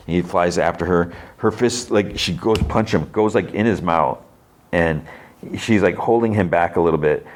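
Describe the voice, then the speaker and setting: A man with a very deep, low-pitched voice talks through an episode recap as a podcast host. He rambles along and leans heavily on fillers, breaking off now and then to act out the characters' lines. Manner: rambling, filler-heavy, acts out quotes. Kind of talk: casual episode recap and review.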